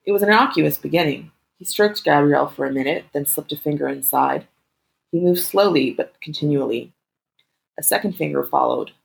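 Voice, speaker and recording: A woman reading an erotic story aloud in a calm, steady narration. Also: low-pitched, brisk, vocal fry, poor audio.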